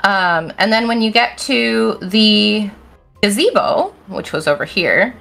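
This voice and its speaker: A woman's voice: mid-range voice, expressive, slow pace, creaky, fairly bright tone, soft background music. A woman narrating as game master of a tabletop game, casual with many fillers.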